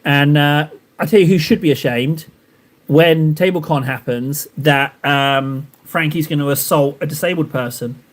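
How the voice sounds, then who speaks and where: A man's voice: on the high side, measured pace. A man chatting casually on a live stream while painting miniatures, rambling and joking at his own expense. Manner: rambling, joking, self-mocking.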